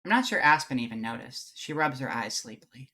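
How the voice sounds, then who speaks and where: Expressive and a little fast, this mid-range voice has a sharp tone. The streamer chats casually with viewers and reads through a visual novel, wandering off track and restarting sentences.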